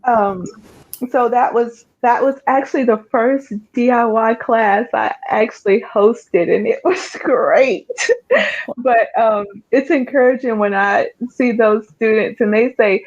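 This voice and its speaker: A woman's voice: fairly high pitch, a little slow, darkish tone, muffled recording. Tearful encouraging woman. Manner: emotional, tearful, encouraging, laughs often. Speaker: guest speaker, creative coach. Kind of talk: heartfelt conference talk.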